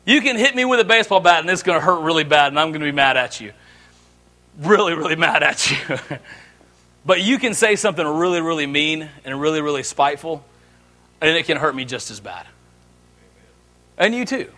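A middle-aged man preaching a sermon, telling jokes and family stories with an animated delivery. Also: a little high, fairly quick, long pauses. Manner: animated, joking storyteller. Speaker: pastor.

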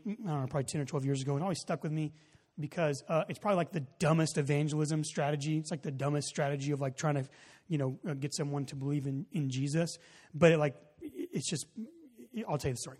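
A man's voice: on the high side, fairly even intonation, fast talker. Casual preaching man in a reverberant hall. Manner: casual storytelling with many fillers, rising to loud emphasis. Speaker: pastor. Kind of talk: sermon.

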